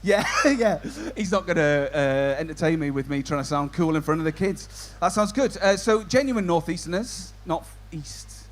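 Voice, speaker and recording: A man's voice: a little high, moderate pace, few pauses, slight background noise. A man compering a stand-up comedy show, doing cheeky banter with the audience. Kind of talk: crowd work stand-up.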